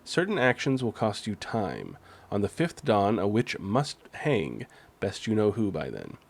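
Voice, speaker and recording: A man's voice: fairly low pitch, wildly swooping pitch, a little slow, vocal fry. A man streaming a game, commenting casually, swearing freely and reading on-screen text aloud.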